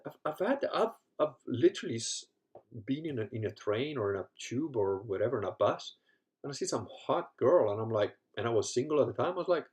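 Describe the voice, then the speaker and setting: A man's voice: medium pitch, sing-song, fairly quick, a little mellow. A man telling casual, rambling stories full of profanity and laughter, acting out other people's lines as he goes. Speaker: podcast host. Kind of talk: casual storytelling chat.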